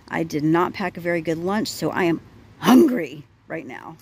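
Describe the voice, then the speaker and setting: A woman's voice: deep voice, lively intonation, normal speed, a little mellow, slight background noise. A woman in her forties venting in a casual vlog while walking her dog outdoors, exasperated and rambling with restarts, recorded on a handheld phone. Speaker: vlogger.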